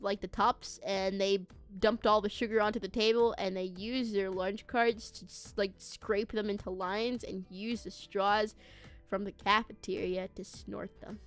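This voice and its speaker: A woman streaming as a VTuber, telling a story to her chat in a casual, animated way, laughing and swearing freely. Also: medium pitch.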